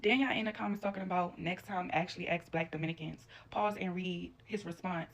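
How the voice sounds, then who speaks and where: A woman's voice: fairly low pitch, fairly even intonation, fairly quick, few pauses. A woman giving a blunt, profane reaction rant to camera.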